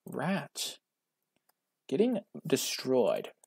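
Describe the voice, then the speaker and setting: A man hosting his gaming channel, giving casual commentary on a card game in a wry, self-mocking way with sudden excited outbursts. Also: mid-range voice, drawn-out words, creaky, husky, dry recording, studio quality.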